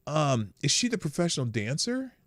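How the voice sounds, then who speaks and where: A man's voice: a little high, very animated, normal speed, fairly bright tone, no room sound, studio quality. A man hosting a casual morning live stream, chatting wryly and greeting viewers in the chat by name.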